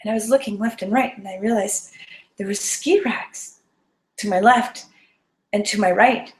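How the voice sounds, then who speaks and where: A woman's voice: medium pitch, normal speed, echoey room. A woman telling a personal story to an audience, earnest and vivid, sometimes dropping to a whisper. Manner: earnest and vivid, drops to a whisper at tense moments.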